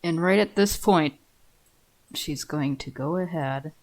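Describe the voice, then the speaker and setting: Woman, tabletop player, low-ish steady voice. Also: slow. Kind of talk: casual tabletop game chat.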